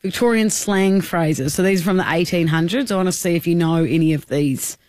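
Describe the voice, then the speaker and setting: A woman's voice: lowish voice, a little fast, darkish tone, dry recording. Playful Australian woman radio host. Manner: playful, teasing, laughs often. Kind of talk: casual radio banter.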